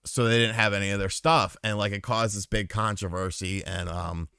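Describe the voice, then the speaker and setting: His voice is lowish, creaky yet smooth, and he speaks at a normal speed. As host of a podcast aftershow, he animatedly recounts a profane story in casual conversation and reads live chat to answer viewers, captured in clean studio sound with no room sound.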